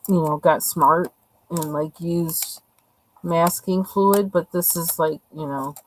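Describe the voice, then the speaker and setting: A woman hosting a live coloring stream speaks at a fairly low pitch, chatting in a loose, hesitant way with lots of fillers. Slight background noise accompanies a rough recording.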